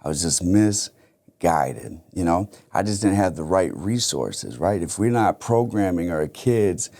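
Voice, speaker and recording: A man's voice: low-pitched, lively intonation, a little slow, darkish tone. A man in his thirties hosting a solo podcast, talking in an earnest, casual way and often saying "you know". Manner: casual, conversational, many "you know" fillers; earnest, reflective. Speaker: podcast host.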